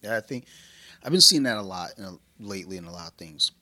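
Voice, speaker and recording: A man co-hosting a casual podcast chat, talking in a rambling, profane and excitable way. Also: sits low, fast. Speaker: podcast co-host.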